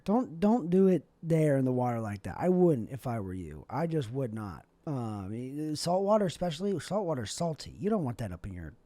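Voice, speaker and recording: A young man rambles through a deadpan comedic monologue, his pitch jumping around a lot as he goes. The tone is warm and mellow, and the recording is dry and close with no room sound. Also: no room sound. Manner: deadpan, rambling, absurd asides. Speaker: comedic vlogger.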